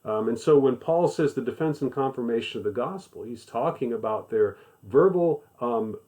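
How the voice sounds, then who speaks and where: A man leads a Bible study at a steady middle pitch. He talks in a conversational way. He stresses key points by repeating them. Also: moderate pace. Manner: conversational, emphatic repetition. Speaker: Bible teacher. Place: living in the American South.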